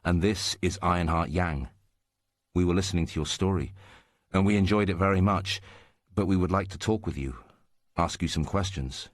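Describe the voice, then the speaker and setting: A man's voice: sits low, normal speed, no room sound, studio quality. A man voicing Sky Fury Guo, a short, strong young northern man who speaks politely and eagerly. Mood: courteous.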